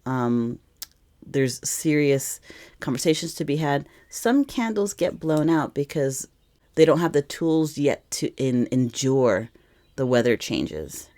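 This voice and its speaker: A woman's voice: a bass voice, lively intonation, slow pace, dark tone. A woman giving a casual tarot reading to camera, rambling and emotional, often correcting herself mid-sentence. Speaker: tarot reader.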